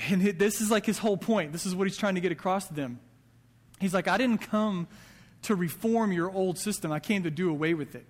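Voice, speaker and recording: Male pastor, conversational sermon, higher voice, long hall reverb. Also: fairly quick. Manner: conversational preaching with quoted asides. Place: church sanctuary.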